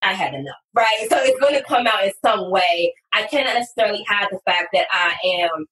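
Woman copywriter guest, animated, emphatic, far from the mic, roomy echo. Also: medium pitch, a little fast. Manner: animated and emphatic, with sudden loud bursts. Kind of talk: casual podcast conversation. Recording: distant, echoey room sound.

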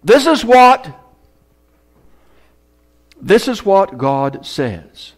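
A man pastor preaching a sermon, with dramatic swings from loud bursts to hushed whispers. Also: high-pitched, very animated, extremely slow. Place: church hall.

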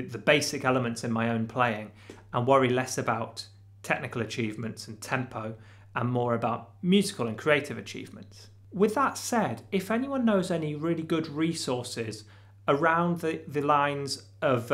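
Male guitar tutor, mid-pitched, patient and methodical, explains and counts rhythms aloud. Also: fairly bright tone. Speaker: guitar teacher. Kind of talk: instructional video lesson.

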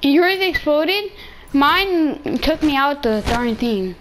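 A woman chatting casually while playing a video game, playful and excitable, often repeating herself. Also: sits high, slow pace. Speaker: gamer streamer. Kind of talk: casual gaming chat. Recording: noisy game capture.

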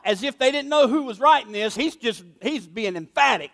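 A man's voice: very high voice, expressive, moderate pace, vocal fry, few pauses, a bit bright, big-room sound. A male pastor preaching a sermon, emphatic and conversational, acting out the voices in his stories. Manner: emphatic, conversational, acts out quotes.

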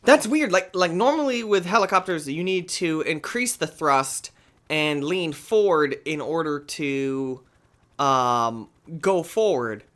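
Man, let's play commentary, excitable, bright tense voice. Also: fairly high pitch, takes it slowly. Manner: excitable, exclamatory, rambling. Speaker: gaming video host.

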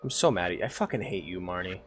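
A man's voice: sits low, fast, fairly bright tone, faint music behind. A man streaming a farming game, chatting casually, humming to himself, reading lines aloud and swearing freely. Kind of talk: casual gameplay commentary.

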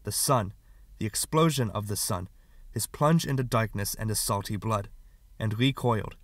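A man narrating an audiobook in a measured, steady reading. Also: lowish voice, no echo. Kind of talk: scripted narration.

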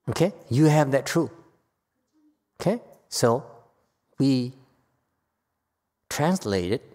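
A woman giving a Buddhist Dharma lecture to a live audience. She is emphatic and playful, swinging from quiet asides to loud outbursts. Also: extremely low pitch, slightly rough. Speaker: Buddhist teacher. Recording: echoey hall with long reverb.

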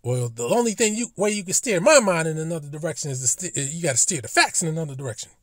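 A man's voice: fairly high pitch, animated, fast talker, dry recording, studio quality. Profane, indignant man ranting dryly. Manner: profane, emphatic, asks indignant rhetorical questions. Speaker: commentary vlogger. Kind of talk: casual commentary monologue.

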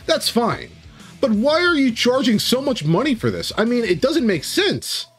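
A man's voice: very high voice, big pitch swings, normal speed, slightly rough, faint music behind, voice pushed up, exaggerated voice. A man voicing a pushy, argumentative tiefling woman adventurer who keeps demanding the manager, in a tabletop story. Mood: indignant. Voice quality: indignant, demanding.

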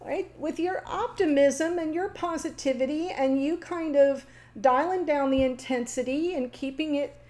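A woman giving a casual, chatty tarot reading, talking warmly to the viewer with fillers and small laughs. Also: high voice, normal speed. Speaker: tarot reader.

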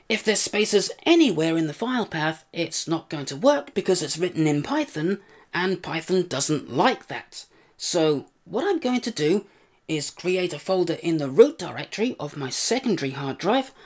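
A man giving a casual, self-deprecating software tutorial through an AI voice changer. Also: sits high. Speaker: tutorial host.

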